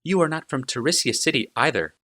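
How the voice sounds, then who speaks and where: A man voicing a composed, curious woman scholar who speaks in a polite, measured way. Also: fairly high pitch, lively intonation, bright, forceful tone, voice pushed up.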